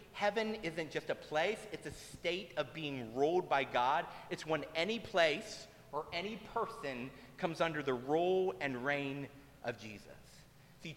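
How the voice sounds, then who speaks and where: A man's voice: a little high, a bit bright. A male pastor preaching a sermon in a conversational, humorous way, recorded in a church hall. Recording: long hall reverb.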